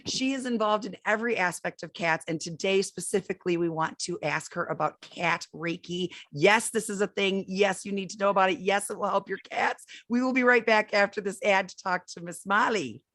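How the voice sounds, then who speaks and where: A woman co-hosting a podcast, her voice hoarse and raspy from an illness, chatting in a joking, self-deprecating way. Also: mid-range voice, moderate pace, few pauses, a bit bright, dry recording. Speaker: podcast co-host. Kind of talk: casual podcast chat.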